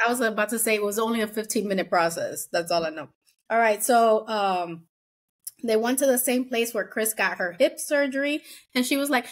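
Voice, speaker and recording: A woman co-hosting a casual podcast, recapping a reality show and acting out quotes in lively voices. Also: fairly high pitch, fairly quick. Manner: chatty, acts out quotes in animated voices. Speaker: podcast co-host.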